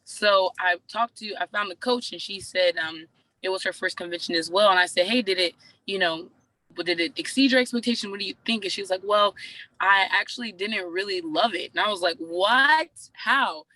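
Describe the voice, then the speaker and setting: A chatty woman recounts a story, slipping into the voices of the people she quotes. Her voice is bright and forceful. The sound is dry and close. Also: medium pitch, steady tone, brisk, no room sound, poor audio. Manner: chatty, acts out quoted dialogue. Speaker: team member sharing a story. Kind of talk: casual storytelling on a group call.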